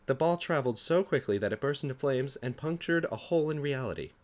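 A man's voice: mid-range voice, animated, fast. A young man, a podcast co-host, reading his comedic fan fiction aloud, acting out the dialogue and laughing at his own jokes.

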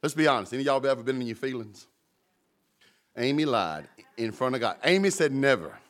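A man preaching a sermon, animated and humorous, with sudden jumps in pitch. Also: brisk. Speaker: pastor.

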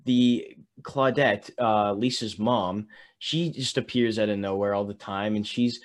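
A man's voice: fairly low pitch, fairly even intonation, unhurried. A young man in casual conversation, rambling with frequent laughs and restarts. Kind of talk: casual chat.

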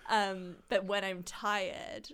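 A woman's voice: medium pitch, flat delivery, slow, a bit bright, clear, resonant tone. A woman, a photographer guest in a casual chat, talking in a chatty, self-deprecating way with many fillers.

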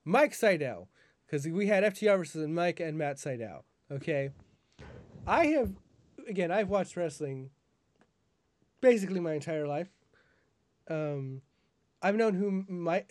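A man's voice: fairly high pitch, lively intonation, unhurried, pauses often, no room sound. A man co-hosting a wrestling podcast, ranting in casual chat, profane and rambling with frequent restarts.

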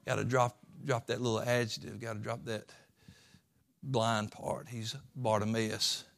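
A man preaching a sermon as pastor, folksy, swinging from quiet asides to impassioned pleading. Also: on the low side, flat delivery, unhurried, gravelly.

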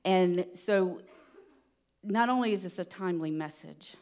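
A woman giving a sermon in an earnest, steady teaching manner, with light laughs now and then. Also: lowish voice, measured pace. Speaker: preacher.

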